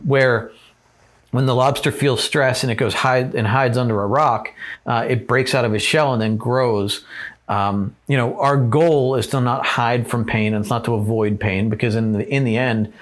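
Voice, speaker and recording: A man talks through an informal lesson as he writes on a board. His delivery is loose and conversational, full of fillers and tag questions. His voice sits at an ordinary middle pitch. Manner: casual and rambling, many fillers and tag questions. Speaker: teacher. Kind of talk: informal talk on growth and pain, writing on a board.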